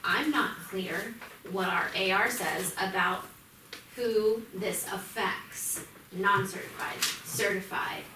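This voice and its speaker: A woman's voice: mid-range voice, slow. Woman at a board meeting asking questions, echoey, noisy room. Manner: questioning, checking her notes. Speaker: board member. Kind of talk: meeting discussion. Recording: echoey room from far off with background noise.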